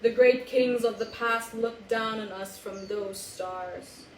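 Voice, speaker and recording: A woman voicing a stern, proud lion king and father, speaking slow and low. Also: fairly even intonation, echoey room, slight background noise. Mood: solemn.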